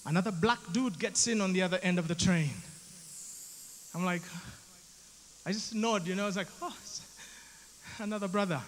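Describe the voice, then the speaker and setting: A man from Uganda with a Ugandan accent doing animated stand-up storytelling, acting out voices with self-mocking asides. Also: high voice, normal speed, long pauses, a little hiss or hum. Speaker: stand-up comedian. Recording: live in an echoey hall.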